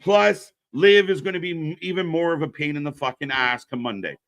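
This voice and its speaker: A man's voice: fairly high pitch, a little fast, a bit bright, dry recording. A man co-hosting a wrestling live stream, in casual, profane chat that reacts to the action and answers viewers.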